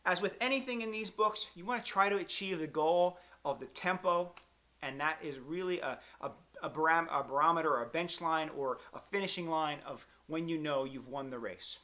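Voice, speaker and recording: A man's voice: a little high, moderate pace, sharp tone. A man teaching a clarinet lesson, counting beats aloud in a patient, encouraging way. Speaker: music teacher.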